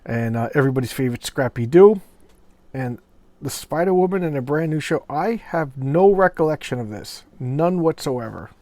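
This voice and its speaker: A man's voice: fairly high pitch, animated, normal speed, mellow, dry recording. Rambling middle-aged man, dry sound. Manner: rambling, forgetful, with many fillers and restarts. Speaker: comic book collector and reviewer. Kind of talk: casual commentary vlog.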